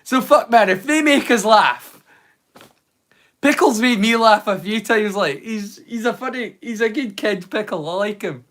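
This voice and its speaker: Scottish guy streaming, high-pitched, swears a lot, takes the piss out of chat. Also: a little slow, a bit bright. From Scotland. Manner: teasing banter, swears freely. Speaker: live streamer. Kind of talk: casual chat with live viewers.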